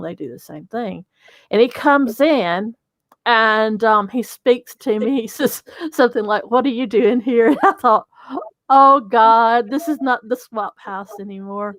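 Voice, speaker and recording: Slow-talking woman. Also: medium pitch, no room sound. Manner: chatty, giggly storyteller. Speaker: guest, company co-founder. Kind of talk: storytelling in an interview.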